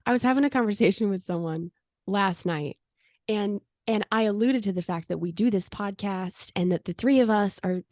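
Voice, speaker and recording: A woman's voice: medium pitch, a little mellow, no room sound, studio quality. A woman co-hosting a podcast. She tells stories in a chatty way and laughs often. She studied English. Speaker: podcast co-host. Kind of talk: casual podcast chat.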